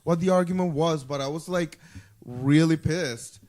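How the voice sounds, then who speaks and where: A man's voice: on the high side, moderate pace, a little mellow. Laid-back man swapping stories. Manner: laid-back, profane storytelling. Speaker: podcast co-host. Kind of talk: casual chat.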